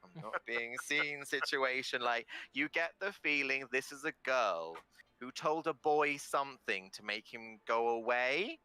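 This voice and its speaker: A man running a tabletop game as game master, with an animated, very bright voice. His delivery is smooth and lively, and the recording is dry and close. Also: medium pitch, a little slow, dry recording. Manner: animated, laughing often.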